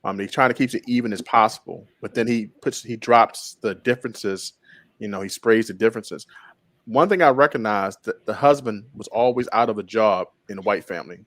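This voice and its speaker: A man discussing a book chapter in a casual group talk, animated and laughing, repeating phrases. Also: on the low side, fairly quick, no room sound. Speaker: book club member.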